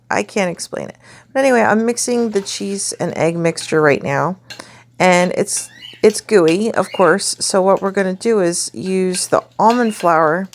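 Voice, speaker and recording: A woman's voice: fairly low pitch, creaky, slight background noise. A woman casually walking through a home cooking recipe, chatty and rambling with lots of fillers. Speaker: home cook showing a recipe.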